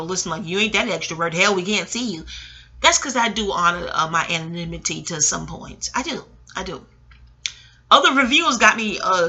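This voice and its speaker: A woman in her late forties telling family stories in a casual, rambling monologue, chatty and frank, arguing with herself and swearing. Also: medium pitch. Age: late 40s. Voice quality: animated, talks back to herself. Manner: chatty,喜 laughing asides, profanity. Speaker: audio blogger.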